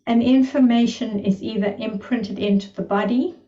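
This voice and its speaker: A woman's voice: fairly high pitch, fairly even intonation, moderate pace, mellow. Marvelling woman, distant and roomy. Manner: enthusiastic, marvelling storyteller. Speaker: energy healing teacher. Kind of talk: casual storytelling in an online lesson. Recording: distant, roomy, slightly dull recording.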